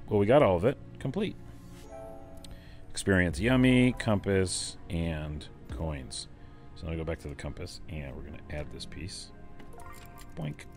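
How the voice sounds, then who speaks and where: A man casually talking through a mobile game, chatty and enthusiastic, rambling as he plays. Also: sits low. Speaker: let's play host.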